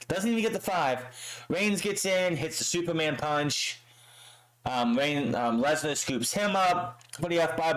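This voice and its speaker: A man's voice: mid-range voice, rough recording. A man recapping a wrestling show in a casual, profane way, acting out the lines he quotes.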